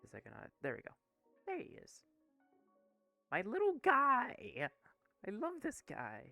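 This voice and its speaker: A man's voice: mid-range voice, wildly swooping pitch, brisk, gravelly, dry recording, soft background music. Rambling, self-laughing male game master. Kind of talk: casual tabletop game narration.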